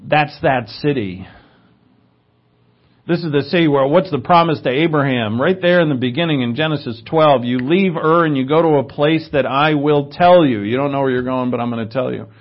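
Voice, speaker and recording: A man's voice: medium pitch, normal speed, dull audio. A man preaching a sermon in a conversational teaching style, with asides and fillers.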